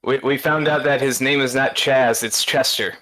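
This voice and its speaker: A man chatting on a podcast, retelling things with eager, rambling energy. He stumbles, repeats words and breaks into laughter, at an everyday pitch. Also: normal speed. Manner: excitable rambling storyteller, stammers and laughs. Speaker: podcast co-host. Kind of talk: casual podcast chat.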